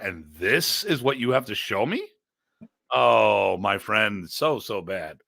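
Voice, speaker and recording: A middle-aged American man, a podcast host and martial arts instructor, telling stories in an animated, blunt, joking way and acting out quoted exchanges. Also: measured pace, creaky, dry recording, studio quality. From United States. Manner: animated, acts out quoted exchanges with pitch jumps; rambling with restarts, blunt and joking. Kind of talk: casual storytelling chat.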